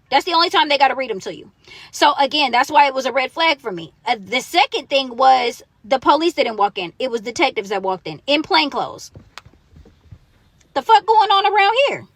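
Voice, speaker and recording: A young woman tells her own story in a high, quick voice, acting out every exchange with profane drama. The sound is dry and close, like a phone held near her face. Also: no echo. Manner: animated, profane, dramatic retelling. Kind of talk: casual story time.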